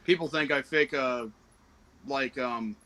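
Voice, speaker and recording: Stream guest: man with a faint Southern accent, bright and forward tone, halting delivery. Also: mid-range voice, rough recording. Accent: light Southern American. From American South. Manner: hesitant, many fillers and restarts. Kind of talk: casual livestream chat.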